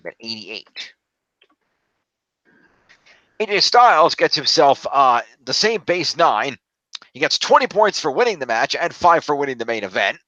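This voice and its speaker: A man's voice: on the high side, big pitch swings, measured pace, long pauses, pushed and bright, no room sound, muffled recording. A man co-hosting a casual podcast, reading out scores with a dry, sarcastic manner. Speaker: podcast co-host. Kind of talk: casual chat.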